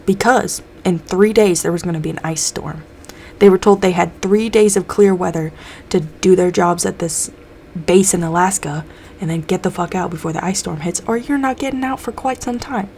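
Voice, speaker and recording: A woman's voice: on the low side, normal speed, darkish tone, a little hiss or hum. A young woman casually recapping a TV episode, loose and profane, acting out the characters' lines as she goes. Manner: loose, swears a lot, acts out characters' lines.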